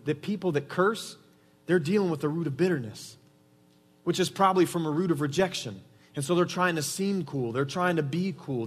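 High-voiced preaching man in a hall. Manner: animated preaching, frequent "right?" tags. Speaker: pastor. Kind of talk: sermon. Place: church.

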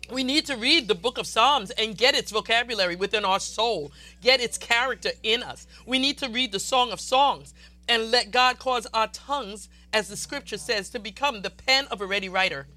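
A woman preacher delivering a fervent, exuberant sermon that swells into loud declarations. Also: a little high, moderate pace, no room sound.

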